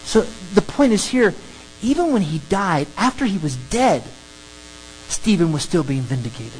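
A preacher giving an animated, emphatic sermon that works through a scripture passage. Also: medium pitch, moderate pace, soft background music, low-quality recording. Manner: animated, emphatic, acts out crowd scenes.

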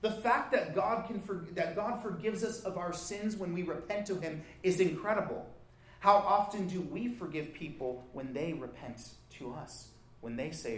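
Animated preacher man in an echoey room. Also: on the high side, moderate pace. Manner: animated, with rising emphasis and frequent restarts. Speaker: pastor. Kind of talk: sermon.

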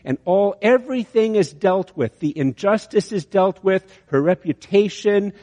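A man's voice: sits high, expressive, a little slow, mellow. A man preaching a sermon, telling an illustration story with many restarts. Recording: long hall reverb.

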